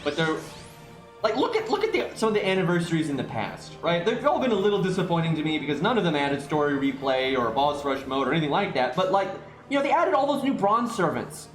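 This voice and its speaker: A man's voice: a little high, big pitch swings, quick pace, echoey room, soft background music. A man streaming live, ranting in exasperation about a game, swearing and restarting his sentences as he goes.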